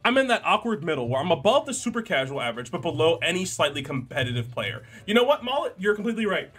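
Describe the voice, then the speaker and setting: Young man, jokey livestream host, slightly high voice, faint background music. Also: sing-song, fast, fairly bright tone, husky. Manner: chatty, jokey, reads chat aloud. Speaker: streamer. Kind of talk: casual livestream chat.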